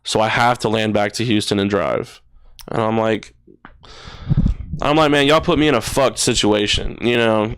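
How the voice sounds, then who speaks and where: A man's voice: on the low side, fairly even intonation, normal speed, a bit bright, clean tone, no room sound. A young man in his twenties, a podcast guest, telling a personal story in casual slang, full of "bro" and "dude" and swearing. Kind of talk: emotional storytelling. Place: podcast studio.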